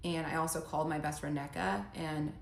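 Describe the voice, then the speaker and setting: A woman's voice: low-pitched, fairly even intonation, fairly quick, creaky, a little hiss or hum. A young adult woman candidly retelling a painful personal story in casual storytime style, quoting text messages with emotion. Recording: echoey room.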